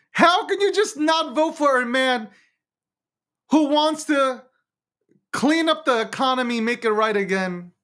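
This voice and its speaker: Animated man ranting casually, high lively pitch. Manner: animated, swearing, laughs often, restarts words. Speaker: show host. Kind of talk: casual political rant.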